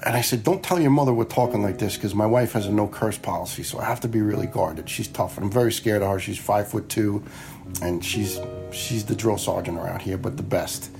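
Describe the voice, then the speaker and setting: A man's voice: fairly low pitch, brisk, gravelly, over music. Blunt New man in his fifties. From New York area. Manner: blunt and frank, swears freely; acts out quoted dialogue. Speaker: retired fire lieutenant. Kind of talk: casual personal storytelling.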